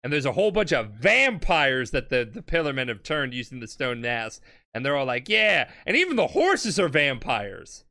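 Drunk, animated podcast host. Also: medium pitch, normal speed. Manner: animated, laughing, swearing, acting out characters. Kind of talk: drunk comedic storytelling.

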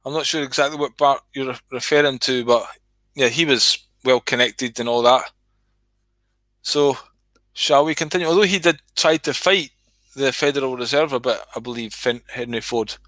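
A man's voice: mid-range voice, normal speed, fairly bright tone, no echo. A man telling a comic story and chatting, sweary and rambling. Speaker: host reading his own comedy skit.

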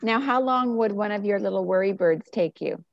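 A woman's voice: mid-range voice, normal speed, vocal fry, no echo. A woman hosting a live interview, admiring the work and asking simple questions. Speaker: host. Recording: dull lo-fi dry sound.

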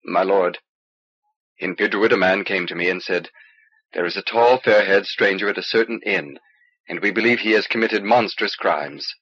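A man voicing a nervous male alien informer who speaks low and hesitantly, on an old cassette recording. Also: normal speed, fairly bright tone, husky, highs cut off, exaggerated voice. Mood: confessing.

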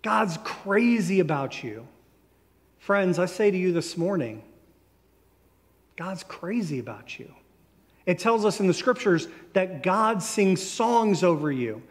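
Pastor preaching in a reverberant church. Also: male voice, high-pitched, sing-song. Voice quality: conversational, warm storytelling delivery with slow emphatic phrases. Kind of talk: sermon. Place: church sanctuary.

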